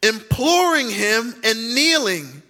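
A man preaching a sermon as pastor, speaking to the congregation with direct questions and drawn-out emphatic words. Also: very high voice, big pitch swings, pushed and bright. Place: church sanctuary.

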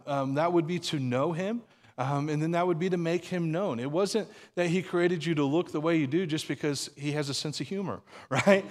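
A man's voice: on the high side, in a large hall. A man preaching a sermon in a conversational way, repeating words as he restarts and laughing now and then. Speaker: pastor.

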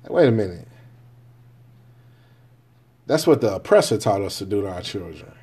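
A man's voice: on the low side, sing-song, moderate pace, mellow, husky. Blunt, candid man telling a story. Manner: blunt, candid storytelling with constant "right?" check-ins and profanity. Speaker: father sharing parenting views. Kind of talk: casual monologue to camera.

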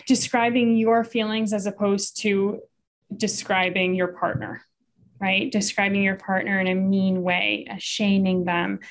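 A woman therapist explaining couples communication in casual conversation, with frequent fillers and restarts. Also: mid-range voice. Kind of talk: casual podcast chat.

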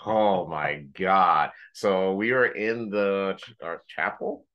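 A man co-hosting a podcast, telling a story in casual chat, animated, swearing freely and mimicking friends in high joking voices. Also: slow pace, highs cut off. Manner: swears casually, uses gamer slang. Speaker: podcast co-host.

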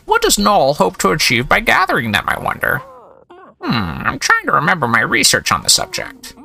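A man's voice: high-pitched, gravelly, pushed and bright, voice pushed up, exaggerated voice. A man voicing a fussy bird-lady professor. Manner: bookish, measured musing. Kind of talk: reading game dialogue aloud.

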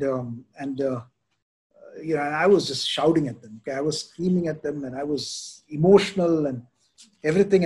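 A man leads an informal Bible teaching session, his voice sitting somewhat higher than most men's. He talks in an easygoing, candid way, often tagging his points with "right?" and "you know". He comes across as a pastor reflecting openly with his group. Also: darkish tone, low-quality recording. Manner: conversational, frequent "you know" and "right?" tag questions.

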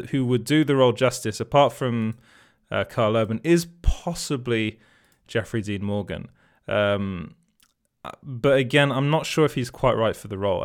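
A man's voice: mid-range voice, smooth. A man hosting an entertainment news show, talking casually and rambling with frequent restarts and self-corrections. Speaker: host.

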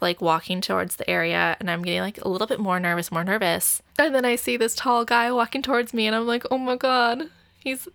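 A woman's voice: medium pitch, a bit bright, no room sound, clean studio sound. A young adult woman casually telling a dating story, full of "like" fillers and light laughs. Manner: chatty, heavy filler use of "like", frequent light laughs.

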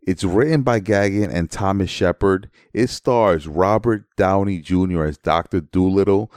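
A man's voice: low-pitched, normal speed, a little mellow, no echo, clean studio sound. A man co-hosting a podcast, reading out film details in a matter-of-fact way. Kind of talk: casual chat, reading notes.

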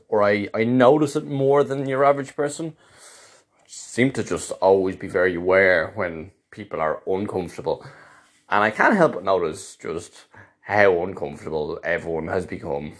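A man with a very low voice talks through a casual, rambling monologue. He is wry and keeps circling back on himself as he goes. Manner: wry, meandering, self-interrupting. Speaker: monologue host.

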